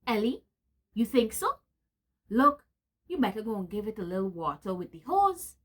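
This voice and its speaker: A woman voicing a blustering, indignant village bad man in a storybook reading, loud and huffy, repeating himself three times over. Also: high voice, sing-song, moderate pace. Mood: fussy.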